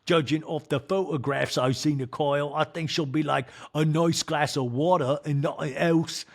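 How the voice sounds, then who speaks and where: A man voicing a dry husband who talks in a deadpan, matter-of-fact way. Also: a little high, normal speed, creaky.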